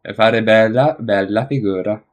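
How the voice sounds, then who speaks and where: A man live streaming his study session, thinking aloud in a rambling way, correcting himself and slowly sounding out phrases. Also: lowish voice.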